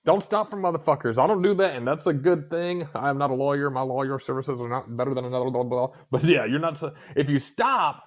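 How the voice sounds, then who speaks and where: A man's voice: mid-range voice, fast, hardly any pauses. A man co-hosting a podcast, telling stories in crude casual chat and swearing a lot. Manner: profane storytelling, swears constantly. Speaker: podcast co-host.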